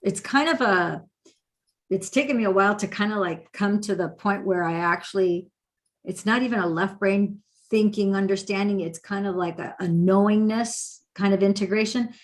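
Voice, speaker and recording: A woman talks through meditation in a loose, conversational teaching voice at an ordinary pitch. She gets animated and acts out little inner conversations to make her point. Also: moderate pace. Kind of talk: casual spoken teaching.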